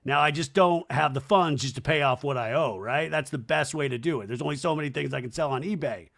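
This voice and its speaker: Chatty male podcast host, slightly high voice, casual rambling recap delivery. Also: fairly quick, creaky. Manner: chatty and animated, lots of "like" and asides. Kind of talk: casual reality-show recap.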